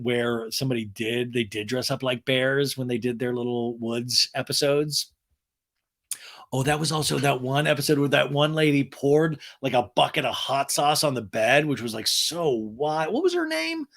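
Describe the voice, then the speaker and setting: Snarky man with a lively voice. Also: medium pitch, normal speed. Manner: snarky, rambling. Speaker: podcast host. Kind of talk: comedic recap of a reality show.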